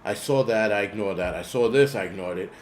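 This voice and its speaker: A man's voice: lowish voice, fairly quick, slight background noise. Rambling, profane man host. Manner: rambling, profane, reads chat names aloud. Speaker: host of a prepper channel. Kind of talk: casual live-stream chat.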